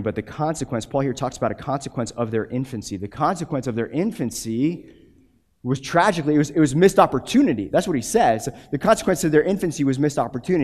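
A young man preaching a sermon, telling a story with animated energy and frequent restarts. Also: mid-range voice. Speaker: pastor.

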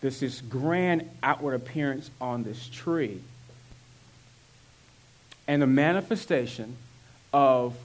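A man's voice: medium pitch, a little mellow. A man preaching a sermon as a pastor, conversational, with asides and restarts.

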